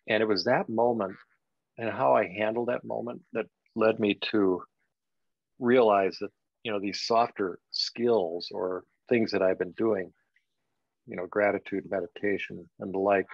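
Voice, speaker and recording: An older man, a guest on a podcast, telling a personal story in a reflective, halting way with many "you know"s. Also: lowish voice, vocal fry, no room sound. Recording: dull, dry lo-fi sound.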